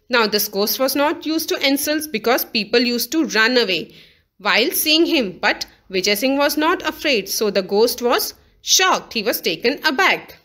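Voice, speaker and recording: Bright-voiced woman explaining a textbook chapter. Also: a little high, lively intonation, normal speed. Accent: Indian English. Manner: reads a line, then restates it and defines words. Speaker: English teacher.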